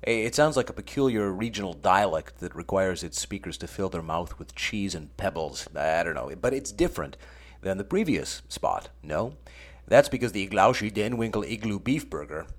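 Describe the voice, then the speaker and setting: A middle-aged American man hosting a scripted comic radio monologue with dry, sardonic asides. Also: sits low. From United States. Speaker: radio show host.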